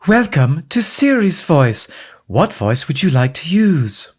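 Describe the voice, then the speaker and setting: Man doing a polite RP voice assistant, a touch husky. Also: fairly high pitch, very animated, slow pace, heavily acted. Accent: English RP. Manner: polite, formal. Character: prim male voice assistant.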